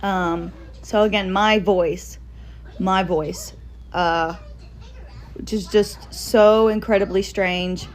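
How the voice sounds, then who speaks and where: A woman's voice: mid-range voice, slow. A woman casually telling a personal ghost story in a social media clip, acting out the voices of the people in it. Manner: animated, acts out quoted voices.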